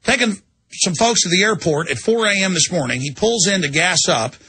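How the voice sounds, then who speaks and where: A man's voice: high voice, animated, normal speed, bright, forceful tone, breathy edge. A man hosting a radio show, delivering an indignant ranting monologue and acting out quotes in shifting voices. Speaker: radio host.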